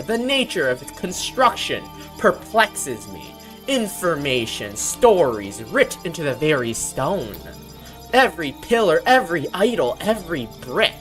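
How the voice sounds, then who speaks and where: An actor playing a formal, measured researcher character in a video game. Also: medium pitch, sharp tone. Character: scholarly researcher studying a ruined tower.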